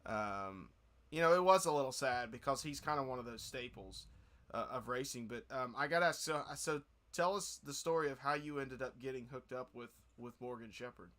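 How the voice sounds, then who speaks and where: A man's voice: mid-range voice, normal speed, fairly bright tone. A man hosting a racing podcast, talking casually in long rambling thoughts with many restarts. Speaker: podcast host.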